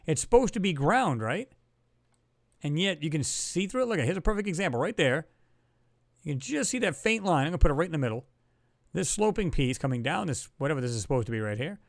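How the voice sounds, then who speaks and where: Brief: male stream host, casual and excitable, pitched a bit high, dry unreverberant room. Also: quick pace, vocal fry, no room sound. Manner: excitable, talks to chat viewers, reads their comments aloud. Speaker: livestream host. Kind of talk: casual livestream commentary on photos.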